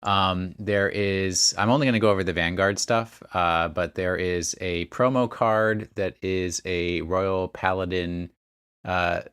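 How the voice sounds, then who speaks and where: A man with a low voice hosts a casual podcast, running through a list of places and dates and adding small asides as he goes. The sound is dry and close, with no room around it. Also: fairly even intonation, unhurried, a bit bright, clean tone, no room sound. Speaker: podcast host.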